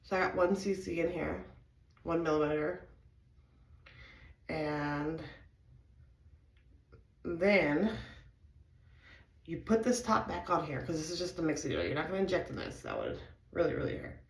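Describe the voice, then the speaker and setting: A woman's voice: sits low, animated, unhurried, vocal fry, pauses often. A woman vlogger casually walking viewers through a home injection, chatty and a little nervous, saying y'all. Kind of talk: casual how-to vlog. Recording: echoey room.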